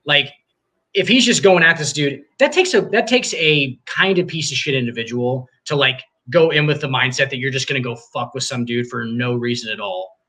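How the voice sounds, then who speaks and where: A man's voice: mid-range voice, normal speed, pushed and bright. A man co-hosting a sports podcast, talking casually with profanity and frequent restarts. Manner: rambling, profane, restarts often. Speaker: podcast co-host.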